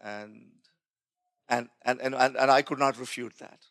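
A man's voice: medium pitch, steady tone, measured pace, a bit bright. A male pastor telling a personal testimony in a sermon, acting out what others said and often restarting his words. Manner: storytelling, acting out quoted voices with laughs.

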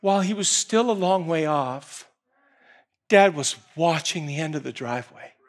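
A man with a rather high voice delivers a sermon. He tells the story dynamically, sometimes hushed and intimate, sometimes loud and urgent. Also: animated, normal speed. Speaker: preacher.

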